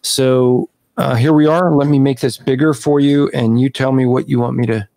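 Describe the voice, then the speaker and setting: A man hosting a casual online discussion over a video call, talking at length, restarting sentences and clearing his throat. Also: medium pitch, steady tone, normal speed, dark tone, no room sound. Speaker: podcast host.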